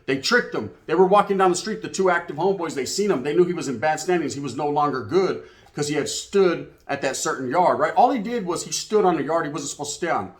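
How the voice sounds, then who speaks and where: A man's voice: on the high side, expressive, fast. A man telling a street story in casual, profane slang, dropping in Spanish words. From California.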